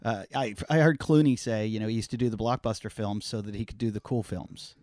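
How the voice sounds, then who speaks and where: A man's voice: lowish voice, fairly quick, no room sound, clean studio sound. A man telling stories in a casual podcast conversation, swearing freely and acting out the people he quotes. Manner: animated, swears freely, acts out quoted voices. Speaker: podcast guest. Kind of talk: casual storytelling.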